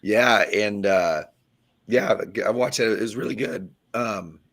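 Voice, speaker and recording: Deep-voiced laid-back man. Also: measured pace, fairly bright tone. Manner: laid-back, recounting things with fillers. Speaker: podcast co-host. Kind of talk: casual sports podcast chat.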